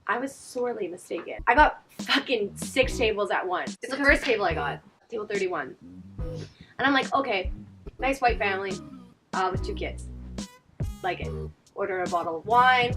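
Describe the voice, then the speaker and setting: Animated young woman telling server stories. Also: mid-range voice, a little fast. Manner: animated storytelling, swears freely. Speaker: podcast host, restaurant server. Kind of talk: casual chat. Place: outdoors. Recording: background music. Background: music.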